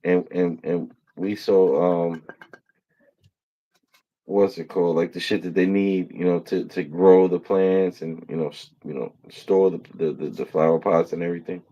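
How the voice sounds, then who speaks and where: A man's voice: low-pitched, fairly even intonation, measured pace, mellow, dull audio. A man hosting a casual livestream, rambling through funny stories, swearing and laughing often. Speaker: host.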